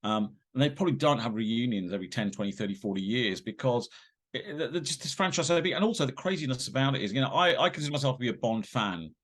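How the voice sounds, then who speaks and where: As a guest on an interview podcast, a man tells casual anecdotes quickly, rambling with lots of fillers and restarts. He is animated, his pitch jumping suddenly whenever he acts out a scene.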